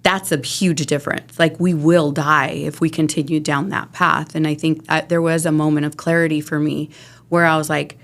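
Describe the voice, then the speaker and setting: Speaking low and flat at a moderate pace, a middle-aged woman on a podcast opens up about her recovery as an interview guest. She's earnest but rambling, frequently starting over and laughing nervously when things get difficult.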